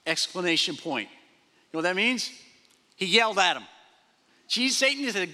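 A man pastor preaching a sermon, animated, repeating phrases and acting out quoted speech. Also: sits high, normal speed, long pauses. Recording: long reverb of a large hall.

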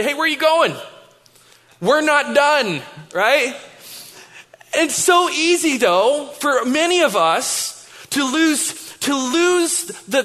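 A man's voice: extremely high pitch, pushed and bright. A man in his thirties, a pastor giving a sermon, telling stories in a conversational way with many restarts. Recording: long reverb of a large hall.

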